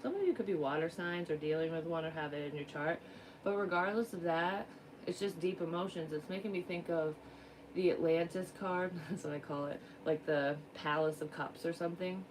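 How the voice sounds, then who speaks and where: A woman's voice: lowish voice, brisk, far from the mic, noisy background. A woman working as a psychic medium gives a casual card reading, rambling, frank and swearing freely.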